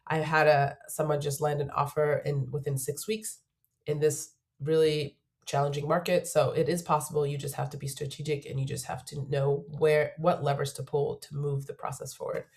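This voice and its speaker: A woman's voice: low voice, flat delivery, normal speed, darkish tone. Woman coach getting over a cold. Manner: earnest, emphatic, repeats key points. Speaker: job search coach. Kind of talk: to-camera advice video.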